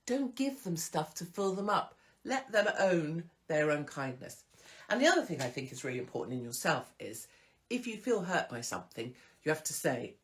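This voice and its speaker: A woman's voice: sits low, very animated, moderate pace. Frank, chatty woman host. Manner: frank and chatty, with swearing and mock voices of others. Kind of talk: casual advice monologue.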